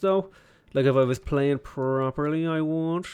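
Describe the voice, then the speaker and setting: Rambling, joking game streamer. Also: male voice, fairly high pitch, steady tone, a little fast, clean tone. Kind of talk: casual livestream commentary.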